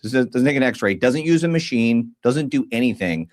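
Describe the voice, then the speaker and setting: Here a man co-hosting a podcast, his voice mid-range and his speed normal, relates a story in easygoing, slangy talk. He's an animated narrator who voices the lines of the people involved.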